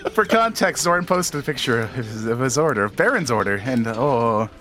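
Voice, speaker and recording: A man's voice: medium pitch, lively intonation, moderate pace, a bit bright. A man playing a tabletop game who laughs and swears his way through his turn. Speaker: player.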